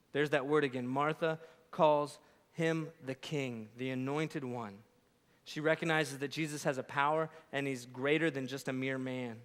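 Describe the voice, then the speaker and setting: A man preaching a sermon as a pastor, telling stories in an animated way and acting out little scenes. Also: mid-range voice, moderate pace, long reverb tail. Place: church sanctuary.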